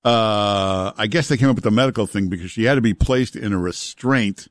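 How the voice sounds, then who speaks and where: A talk radio host, talking in a loose, conversational way full of "uh"s. His voice sits on the low side. The studio mic is close and dry. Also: fairly quick, no echo. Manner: relaxed, chatty, with frequent "uh" fillers. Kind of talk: talk radio banter and ad reads. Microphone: studio broadcast mic.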